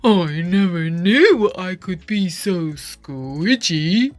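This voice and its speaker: A woman voicing an eager, good-natured young male octopus in a children's picture-book reading, with loud, bright exclamations. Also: fairly low pitch, animated, very slow, faint music behind, pitched below the performer's own voice. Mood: delighted.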